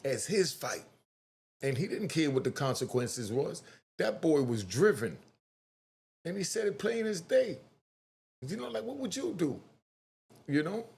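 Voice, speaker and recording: A man hosting a casual online commentary, talking straight to his viewers in an animated way and acting out quotes. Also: high voice, gravelly.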